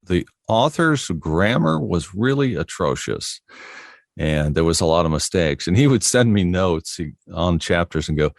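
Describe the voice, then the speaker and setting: A man's voice: sits low, sing-song, a little slow, gravelly, dry recording, studio quality. A middle-aged man, a voiceover artist, talking easily in an interview and telling stories about his work with frequent chuckles. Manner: easygoing, anecdotal, chuckles often. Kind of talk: relaxed interview conversation.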